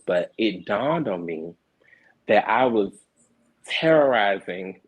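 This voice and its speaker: A man's voice: lowish voice, breathy edge, rough recording. A young adult man, a reality show cast member and producer, earnestly explaining himself in a candid panel discussion, often repeating words as he restarts.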